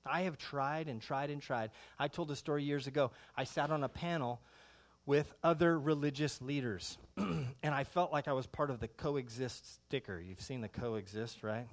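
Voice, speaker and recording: A middle-aged pastor preaches a sermon with conversational animation, peppering it with rhetorical questions. His pitch is medium and he speaks at a normal speed.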